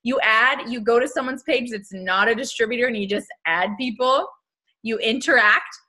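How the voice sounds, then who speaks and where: A young woman talks to her sales team on a casual live stream, chatty and upbeat with frequent laughs. Her voice is bright and a little high. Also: normal speed. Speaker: team leader hosting a live video.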